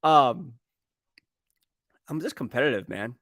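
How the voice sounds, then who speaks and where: Speaking slowly and expressively in a mid-range, fairly bright voice, this sports beat writer chats through team moves on a laid-back live stream. He wanders, corrects himself, and reads out viewer comments, all in clean studio sound without room noise.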